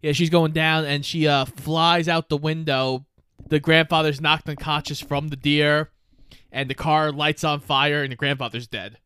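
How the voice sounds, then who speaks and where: A man's voice: on the high side, level tone, moderate pace, sharp tone, clean tone, dry recording, clean studio sound. A young man co-hosting a podcast, casually summarizing a movie plot in an easygoing way. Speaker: podcast co-host. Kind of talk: casual movie recap chat.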